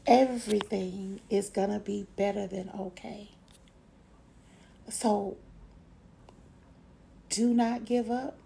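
A middle-aged woman hosting a motivational podcast, encouraging listeners and slowly repeating affirmations. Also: medium pitch, fairly even intonation, creaky, warm tone, slight background noise. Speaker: podcast host.

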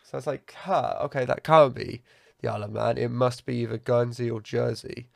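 Gravelly man chatting. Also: mid-range voice, steady tone, brisk, dry recording, clean studio sound. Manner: rambling, self-correcting storyteller. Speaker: podcast co-host. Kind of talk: casual chat.

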